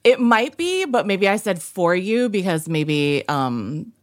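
A woman's voice: medium pitch, very animated, slow pace, no room sound, clean studio sound. A woman co-hosting a podcast, rambling in casual chat with lots of fillers. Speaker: podcast co-host.

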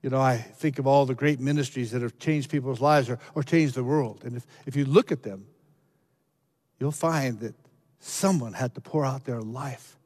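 A man preaching a sermon, earnest, climbing to emphatic peaks and then dropping low, often repeating words as he restarts. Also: a little mellow. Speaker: pastor.

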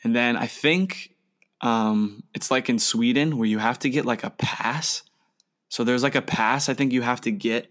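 A man's voice: medium pitch, normal speed, a bit bright. A young man, rambling casually with swearing and fillers. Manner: rambling, laid-back, swearing. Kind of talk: casual chat.

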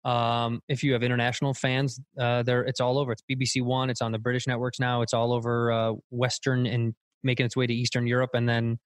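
A man's voice: mid-range voice, completely flat delivery, a little fast, few pauses, no echo. A man talking loosely and animatedly as a guest comedian on a casual podcast, swearing now and then.

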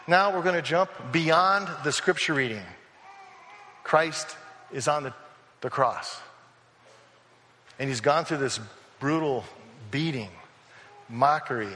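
A man's voice: fairly high pitch, pushed and bright, long reverb tail, slight background noise. A male pastor preaching a sermon in a casual, storytelling way, acting out the people in the scripture. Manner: conversational storytelling, acting out quoted voices.

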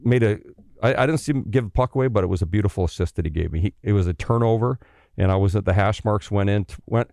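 A middle-aged man from Canada, a former pro hockey player, telling stories in a casual, animated way, swearing freely and acting out the people he quotes. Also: fairly low pitch, fast talker, creaky, no echo, studio quality. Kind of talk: casual storytelling.

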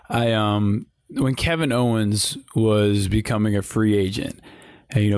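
A man co-hosting a casual wrestling talk show, animated and restarting his sentences as he thinks. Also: lowish voice, no echo, studio quality. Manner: animated, repeats himself while thinking. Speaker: wrestling podcast co-host.

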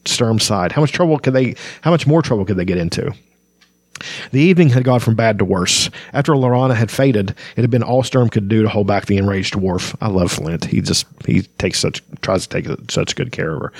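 A man's voice: fairly low pitch, darkish tone, no echo, studio quality. A man who hosts a podcast, reading a fantasy novel aloud and chatting about it casually with frequent fillers. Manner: casual, hesitant, with many fillers. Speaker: book podcast host.

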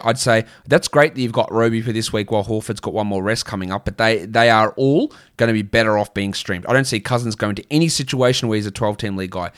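Hosting a laid-back fantasy basketball livestream, an Australian-accented man with a mid-range voice fields viewer questions bluntly, full of fillers and frequent restarts.

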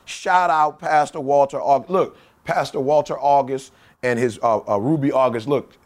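A man co-hosting a casual podcast, giving playful, hyped shout-outs and laughing along. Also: medium pitch, normal speed. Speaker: podcast co-host.

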